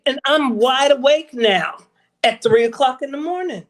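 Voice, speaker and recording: A woman's voice: high-pitched, normal speed. A woman co-hosting a podcast in casual chat, teasing her partner and retelling moments with drama. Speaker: podcast co-host.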